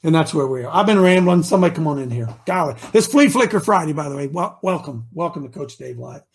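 A man's voice: fairly high pitch, expressive, quick pace, breathy edge. A man hosting a live talk show, preachy and rousing, rambling between points. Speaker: host.

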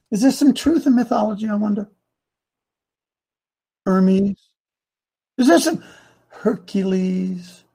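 Animated man preaching a sermon. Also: high voice. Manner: animated preaching, rising to loud bursts. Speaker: pastor.

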